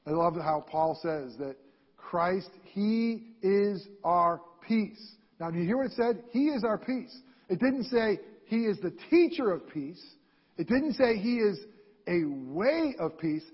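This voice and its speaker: A man with a high, husky voice delivers a sermon, driving home his points by repeating them with emphasis. The sound is dull and lo-fi, and it rings with the long echo of a large hall. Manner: emphatic preaching with repeated phrases. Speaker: pastor.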